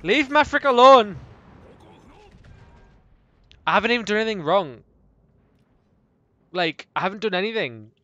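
A young man streaming a game with loud outbursts, swearing and snatches of sung pop songs. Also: high-pitched, big pitch swings, brisk, dry recording, muffled recording. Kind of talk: casual gaming livestream chatter.

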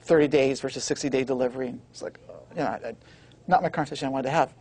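A man being interviewed, telling a story in an animated way and acting out the dialogue. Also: mid-range voice. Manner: fast, excitable, acts out the dialogue. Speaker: guest recording engineer.

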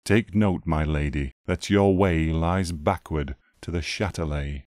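A man's voice: a bass voice, a little slow, a little mellow, no room sound, studio quality. A man voicing a cruel, grinning male knight who taunts his captive in a narrated poem. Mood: taunting.

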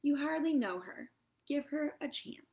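A woman voicing a gentle, gracious young princess in a storybook. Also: high-pitched, expressive, a little slow, pitched above the performer's own voice.

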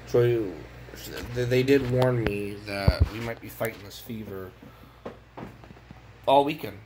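A man's voice: lowish voice, fairly even intonation, unhurried, noisy background. A tired young man and father talking casually in a home vlog, weary and frustrated, often repeating words as he speaks. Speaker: vlogger, father.

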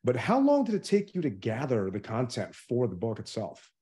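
A man's voice: mid-range voice, wildly swooping pitch, moderate pace, dark tone. Earnest male interview host. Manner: earnest, openly emotional questioner. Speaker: show host. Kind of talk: interview questions.

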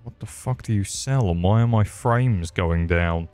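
In a lowish, slightly mellow voice at a measured pace, a gaming streamer plays a video game. His commentary is crude, rambling and comedic, with plenty of profanity.

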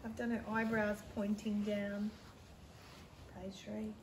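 A woman reading her own picture book aloud to children in a gentle, explaining manner. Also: mid-range voice, monotone, slow, echoey room, slight background noise. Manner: gentle, explaining to young kids. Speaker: teacher.

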